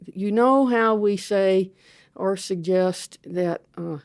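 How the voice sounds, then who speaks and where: A woman's voice: medium pitch, slow pace, darkish tone, no echo, studio quality. A woman voicing a group of old desert monks who patiently coax her, speaking kindly and persuasively. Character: gentle coaxing old desert monks, male.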